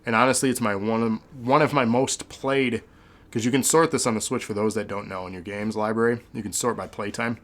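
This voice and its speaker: A man's voice: fairly low pitch, steady tone, a little fast, fairly bright tone. A man hosting a podcast, chatting casually in a rambling, sentimental way with many fillers. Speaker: podcast host.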